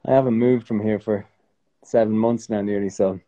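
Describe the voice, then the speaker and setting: An Irish man talking casually as a guest in an interview, relaxed and rambling, with many fillers and restarts. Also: lowish voice, normal speed, lo-fi sound. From Ireland.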